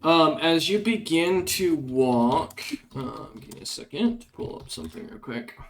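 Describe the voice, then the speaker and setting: A man's voice: a little high, lively intonation, a little slow, gravelly. A man narrating a tabletop game as game master, talking in a rambling way full of ums and uhs.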